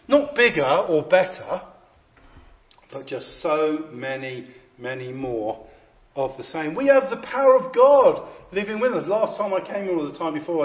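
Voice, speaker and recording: A man preaching a sermon, emphatic and repeating phrases for effect. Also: on the high side. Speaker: visiting preacher. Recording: echoey, slightly dull hall recording.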